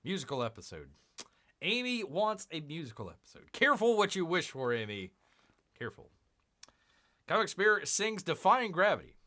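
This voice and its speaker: A man's voice: high voice, big pitch swings, moderate pace, sharp tone. A man hosting a casual live stream, rambling and self-mocking as he unboxes comics and reads chat, calling himself Bear.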